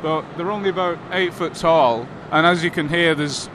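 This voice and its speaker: A man hosting a live podcast, bantering and introducing guests in a brisk, announcer-like way at a convention hall. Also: fairly high pitch, noisy background. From Lancashire. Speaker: podcast host.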